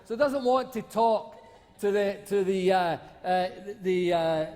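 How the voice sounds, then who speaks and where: A man's voice: high voice, unhurried, a little mellow. A man speaking as a senator in a parliamentary debate, rambling and mocking, with lots of fillers and restarts. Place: large debating chamber. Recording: echoey chamber reverb.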